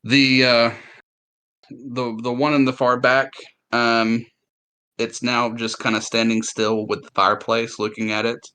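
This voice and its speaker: A man narrating as game master in a tabletop game, describing scenes haltingly and with many fillers. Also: mid-range voice, level tone, pushed and bright, clear, resonant tone.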